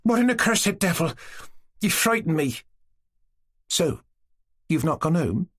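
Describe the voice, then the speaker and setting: A man voicing a young Cossack village girl, calm and teasing, in a raised voice. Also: a little high, a little slow, slightly rough, no echo, studio quality, voice pushed up, exaggerated voice. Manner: teasing, composed.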